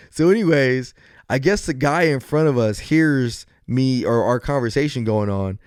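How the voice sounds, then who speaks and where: A man hosts a podcast by himself, with a smooth, clear voice recorded close and dry. He moves from earnest encouragement to loose, joking storytelling. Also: medium pitch, a little fast, darkish tone, no echo. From US West Coast. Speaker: podcast host. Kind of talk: solo podcast talk.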